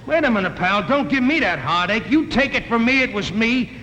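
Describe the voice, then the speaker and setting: Brassy, high-pitched street tough voiced by a man, slangy and pushy, echoing from an old TV stage. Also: animated, fairly quick, sharp tone, a little hiss or hum, exaggerated voice. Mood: indignant. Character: brash streetwise man demanding a refund, pushy. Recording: echoey old television broadcast.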